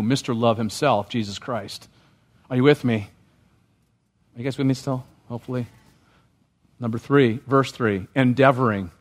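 A man preaching a sermon as pastor, often checking in with the congregation with questions. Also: medium pitch. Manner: asks the congregation questions, rising when stirred.

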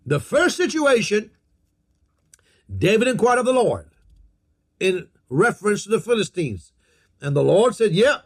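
A man preaching a sermon, emphatic, repeating key phrases and telling his listeners what to underline. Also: high-pitched.

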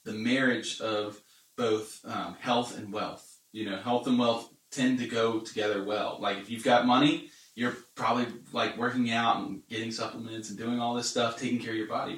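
Low-voiced guy chatting bible stuff, kinda halting, lots of ums, echoey room a bit far from the mic. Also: fairly even intonation, fairly bright tone. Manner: earnest, halting with many fillers. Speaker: Bible study co-host. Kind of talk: casual Bible discussion.

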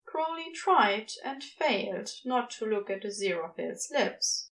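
A woman reading a story aloud as narrator, with expressive delivery. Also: mid-range voice, unhurried, low-quality recording. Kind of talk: scripted narration.

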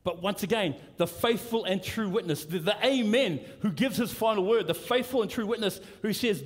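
A man's voice: high voice, moderate pace, few pauses. A middle-aged man preaching a sermon as pastor, in a conversational, anecdotal way with frequent restarts. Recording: long hall reverb from church service.

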